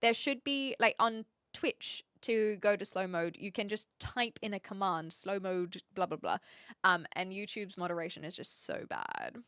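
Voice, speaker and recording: A woman's voice: medium pitch, sing-song, moderate pace, bright, forceful tone, clean tone, no room sound, studio quality. A woman live streamer chatting casually with her viewers, thinking aloud and laughing often. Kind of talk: casual live-stream chat, reading chat messages.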